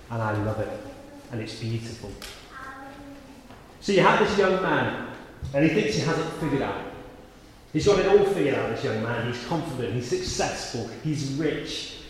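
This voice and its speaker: A man's voice: medium pitch, a little hiss or hum. A man giving a sermon in a church, preaching conversationally and sometimes rising to sudden emphatic peaks. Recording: echoey church hall with faint ambience.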